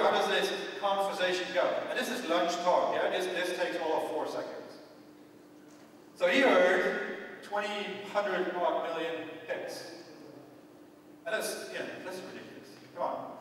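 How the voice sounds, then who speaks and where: A man's voice: sits high, fairly bright tone, a little hiss or hum. A man with a Dutch accent giving a conference talk in a lecture hall. He speaks in a conversational, wry way and keeps checking in with the audience. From Netherlands. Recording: echoey hall, voice from far off.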